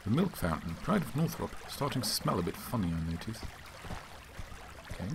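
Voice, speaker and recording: A slightly hoarse man giving casual, wry let's-play commentary as a gaming channel host. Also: lowish voice, sing-song, normal speed, background noise. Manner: wry and offhand.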